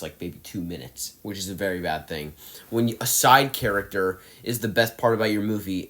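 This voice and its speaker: A man's voice: fairly low pitch, fairly bright tone. A young man talking casually as he ranks movies, ranting with emphatic exasperation and sighs. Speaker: movie reviewer. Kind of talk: casual ranking monologue.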